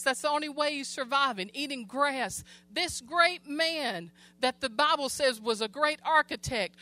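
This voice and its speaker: A woman's voice: fairly high pitch, bright, forceful tone. A woman preaching a sermon, reading scripture and retelling it in plain everyday words to her church.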